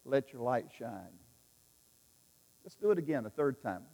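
The pastor's medium-pitched voice is gravelly yet mellow, swinging widely in pitch as he preaches a little slowly. Emphatic and repetitive, he leads the congregation in call-and-response, and the large hall adds long reverb.

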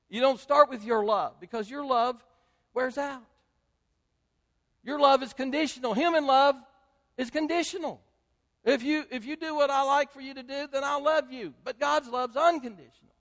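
An older man preaching a sermon as pastor, repeating phrases and swinging between loud emphasis and hushed, drawn-out words. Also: very high voice. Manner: repetitive, rhetorical build-ups. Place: church sanctuary. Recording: long hall reverb.

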